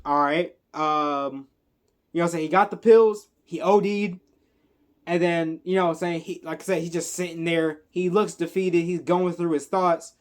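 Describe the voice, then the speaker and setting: Young vlogger doing a spoiler movie recap to camera, middle pitch, hyped and rambling, tons of fillers. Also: moderate pace. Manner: excitable, rambling retelling full of slang and fillers. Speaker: movie reviewer. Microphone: camera on a stand.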